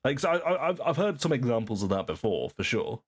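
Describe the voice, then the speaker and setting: A man's voice: mid-range voice, sing-song, fast, husky. A man giving casual, rambling commentary on a video as a streamer, often repeating himself and calling the viewer "bro".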